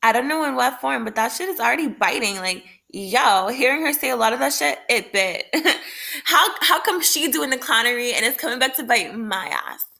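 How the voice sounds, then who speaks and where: A woman's voice: high-pitched, animated, normal speed, creaky, pushed and bright. A woman ranting in a late-night video, heated and full of profanity, breaking into laughs. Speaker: vlogger. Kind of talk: late-night rant to camera.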